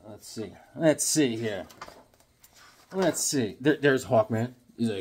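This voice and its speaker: A man's voice: medium pitch, expressive, slow pace, a little mellow, breathy edge. A man casually chatting to camera, rambling in an easygoing way as he shows his comics and sketches. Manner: rambling, easygoing, chuckling asides. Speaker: comics collector showing his drawings.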